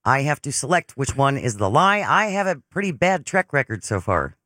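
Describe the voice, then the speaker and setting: A man's voice: medium pitch, very animated, moderate pace, sharp tone, no echo, studio quality. A man co-hosting a podcast in playful casual chat, introducing the segments. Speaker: podcast co-host.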